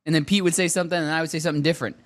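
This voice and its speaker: A man co-hosting a casual pop culture podcast, telling stories with lots of laughter and excitement. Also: a little high, very fast, no echo, clean studio sound. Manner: excitable storyteller, laughs often. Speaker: podcast co-host. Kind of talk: casual chat.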